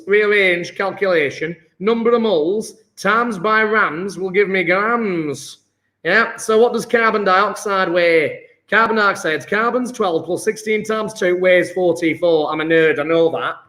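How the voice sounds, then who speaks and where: A man's voice: high-pitched, a bit bright. A male chemistry teacher giving a live online exam-prep lesson, working sums aloud in an upbeat, chatty way and praising his students.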